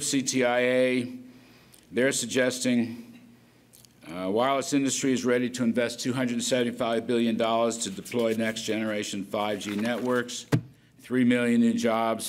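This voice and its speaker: A man's voice: mid-range voice, steady tone, moderate pace. An older man giving an off-the-cuff policy speech as a government economic official, rambling with folksy asides. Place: conference hall at an event.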